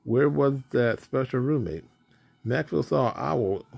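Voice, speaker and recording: A man reads a children's picture book aloud in a simple, deliberate manner, now and then stumbling over a word. His voice is gravelly and husky, sitting at an ordinary pitch. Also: expressive, a little mellow. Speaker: storybook reader. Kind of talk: children's story read aloud.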